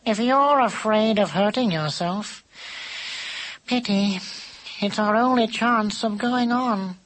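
A man's voice: high-pitched, takes it slowly, a bit bright, slight background noise, voice pushed up, low-quality recording. A man voicing a wry, sly male cat who drawls and teases in an audiobook. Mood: teasing. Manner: drawling, mocking, musing. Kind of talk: audiobook character voice.

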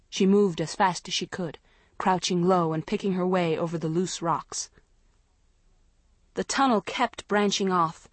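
A woman narrates an audiobook at a slow, measured pace, letting the tension build line by line. Her voice sits on the low side. The recording is dry and close. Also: no room sound. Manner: slow, measured suspense reading. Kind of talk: scripted narration.

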